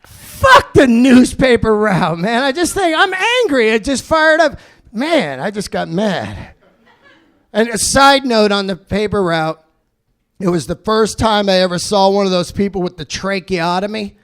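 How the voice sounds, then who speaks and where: Comic guy, high pitched, loud profane rant on stage. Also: sing-song, measured pace. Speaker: stand-up comedian. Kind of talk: stand-up set.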